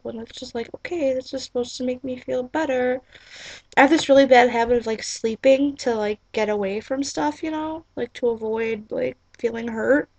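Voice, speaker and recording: A woman's voice: a little high, darkish tone. A young woman vlogging in casual, rambling chat, giggly and apologetic, with lots of "like" and "um", on a webcam mic in a small room at home.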